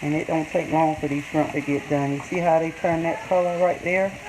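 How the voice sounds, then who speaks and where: A woman's voice: low voice, steady tone, a little fast. An older woman, chatting to viewers in a casual cooking tutorial from her home kitchen. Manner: chatty, talks straight to viewers as y'all. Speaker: cooking vlogger. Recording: home kitchen with loud frying noise. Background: sizzling pan and stirring.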